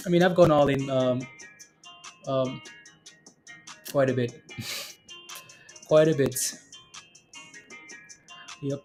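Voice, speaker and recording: A man's voice: medium pitch, very slow, pauses often, darkish tone, faint music behind. A man hosting a live stock trading stream, chatting casually with viewers, often laughing and repeating himself. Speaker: stock trading livestream host.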